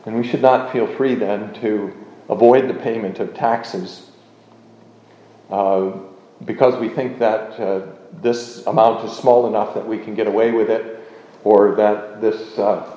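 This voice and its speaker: A man teaches doctrine slowly and deliberately, with a lowish, mellow voice. The recording sounds dull and lo-fi. The room is echoey. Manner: measured, deliberate, with frequent uh fillers. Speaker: teacher of a confession.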